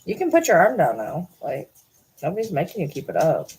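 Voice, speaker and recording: A woman's voice: low voice, huge pitch swings, brisk, a little mellow, slightly rough. A woman vlogging casually while talking to her cat, chatty and cursing, slipping into cooing baby talk.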